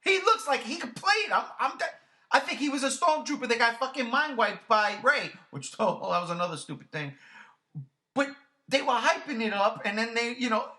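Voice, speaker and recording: A man's voice: very high voice, animated, a little fast, bright, forceful tone. A man reviewing a movie in casual chat, ranting animatedly and swearing freely.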